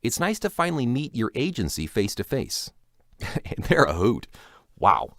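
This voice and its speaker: A man's voice: medium pitch, normal speed, no echo, studio quality. A man working as a voice actor, narrating a chatty, self-deprecating recap of an event with rambling asides, recorded at his home setup. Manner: animated, playful delivery.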